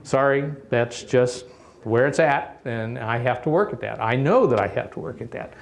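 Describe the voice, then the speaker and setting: A man's voice: medium pitch, expressive, normal speed, creaky. A middle-aged man giving a conference presentation, coaching listeners with emphatic advice and frequent "okay?" check-ins. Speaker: presenter at a radio contesting workshop.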